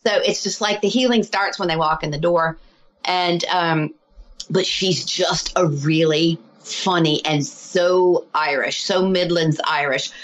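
A woman telling stories as a healer guest in a casual interview, animated and chatty with lots of fillers. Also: lowish voice, unhurried, poor audio. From lives abroad, not local.

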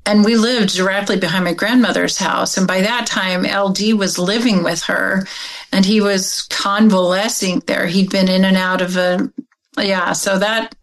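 Animated middle-aged woman telling a story. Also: mid-range voice, normal speed, rough recording. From Oregon, US. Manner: animated, acts out quoted dialogue. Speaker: interview guest. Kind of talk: personal storytelling in an interview.

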